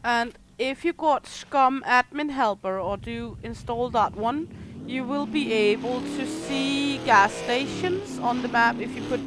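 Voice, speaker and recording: Young adult woman streamer, danish first language, fairly high voice, explains gameplay over loud game noise. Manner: explaining game features, listing items. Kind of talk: gameplay livestream commentary. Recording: noisy game audio behind.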